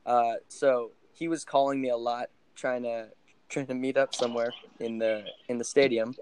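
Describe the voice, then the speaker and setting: A young man in a casual podcast chat who rambles through a story, full of ums and little laughs. His voice sits at an ordinary pitch, with a faint hiss behind it. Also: level tone, moderate pace, a little mellow, low-quality recording. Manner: rambling, laughs while telling, many fillers. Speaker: podcast guest.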